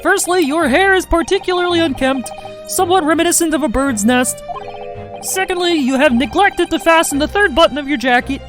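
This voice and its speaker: A grand, eccentric detective holds forth in lofty, flowery speech, put on by a woman reading a game aloud. The voice sits high and bright, far above her usual register. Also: brisk, music in the background, natural voice. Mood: grandiloquent. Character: pompous eccentric male detective, brash and theatrical.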